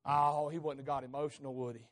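A man preaching a sermon in a folksy way, moving from easy talk to fervent shouting. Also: mid-range voice, little pitch movement, fast, heavy background noise.

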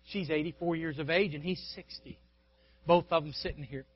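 A man preaching a sermon, telling a story with asides to the pastor and congregation, swinging between loud exhortation and hushed quiet. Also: fairly high pitch, steady tone, moderate pace, breathy edge. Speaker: guest preacher. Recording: dull lo-fi sound.

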